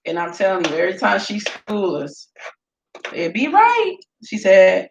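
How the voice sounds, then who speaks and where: A woman, chatting in a casual cooking vlog and telling lively stories while she cooks in her home kitchen. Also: mid-range voice, moderate pace, lo-fi sound. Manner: storytelling, animated, laughs often. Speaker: home cook vlogger. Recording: echoey room with faint noise.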